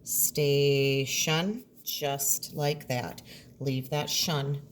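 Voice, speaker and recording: A woman teacher with a low, unhurried voice, carefully sounding out each word for her students. She speaks at a slow, deliberate pace. There is a faint hiss of noise behind her. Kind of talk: recorded classroom lesson.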